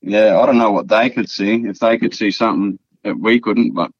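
A podcast guest from Australia's Northern Territory, this man has a fairly low pitch and a moderate pace as he tells a story. It's casual and meandering, full of swearing, fillers, and repeated words. Expect dull, dry, lo-fi podcast sound.

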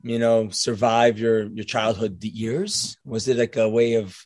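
A man's voice: fairly low pitch, steady tone, unhurried, a little mellow, dry recording. Man hosting a podcast, dry close sound. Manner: rambling questions with many fillers. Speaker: podcast host. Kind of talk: casual interview conversation.

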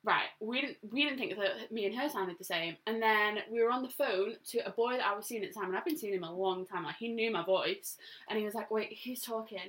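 A woman's voice: mid-range voice, quick pace, a bit bright, recorded from a distance. A woman in her twenties co-hosting a casual podcast, chatty, laughing often and swearing casually. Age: 20s. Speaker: podcast co-host. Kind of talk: casual chat.

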